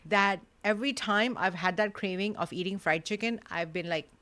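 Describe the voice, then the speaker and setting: A woman's voice: mid-range voice, normal speed, fairly bright tone. Brief: woman co-host, easy conversational delivery, lots of casual fillers. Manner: chatty, lots of fillers like "like" and "you know". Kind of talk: casual podcast chat.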